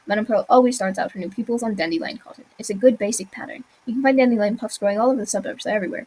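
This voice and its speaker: A woman's voice: fairly high pitch, a little mellow, breathy edge. Woman playing a jumpy young tailor. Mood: hurried. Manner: nervous, quick and flustered. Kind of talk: reading game dialogue aloud.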